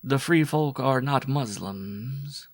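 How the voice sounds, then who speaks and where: A male narrator voicing a mysterious unveiled desert woman who speaks slowly with a droning growl between words. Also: mid-range voice, no room sound, clean studio sound, pitched above the performer's own voice. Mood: cool. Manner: slow, sing-song, lips barely parting.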